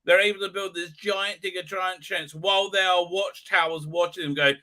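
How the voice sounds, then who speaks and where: A man hosts a live commentary stream, ranting sarcastically and swearing, and mocks what he reads with put-on silly voices. His voice is high-pitched and bright, with fairly even intonation, a moderate pace and barely any pauses, and it sounds pushed. He is hesitant, full of fillers and restarts.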